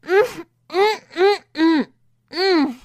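A woman's voice: lively intonation, unhurried, fairly bright tone, no room sound, studio quality. Woman doing a panicked, pleading young man. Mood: muffled cries. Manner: pleading, panicked, high and strained.

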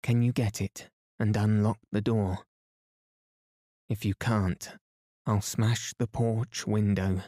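A man's voice: on the low side, fairly even intonation, slow pace, mellow, no echo, clean studio sound. A man voicing a brave, protective young man who speaks urgently and firmly. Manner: urgent, commanding.

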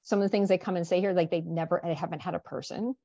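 A woman's voice: lowish voice, fairly even intonation, quick pace, dark tone, dry recording. Woman on dull, dry call audio. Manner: hesitant, restarts, speeds up in bursts. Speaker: panel guest. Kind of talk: casual chat.

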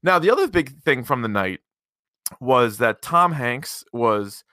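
Bright-voiced, profane casual man. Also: mid-range voice, animated, a little slow, dry recording, studio quality. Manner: loose, profane, rambling. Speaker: podcast co-host. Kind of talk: casual chat.

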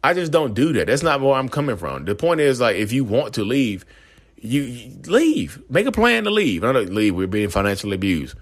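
A man's voice: medium pitch, sing-song, normal speed. A man ranting in a casual monologue, rambling and repeating himself as he acts out quoted voices. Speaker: self-aware narcissist vlogger.

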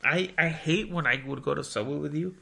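A young man chatting on a podcast in a relaxed, teasing way. His voice is gravelly with a bright tone, and he retells messages in a loose, easy style. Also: a little high, a little fast. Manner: laid-back, teasing, quoting texts aloud. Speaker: podcast co-host. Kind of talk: casual chat.

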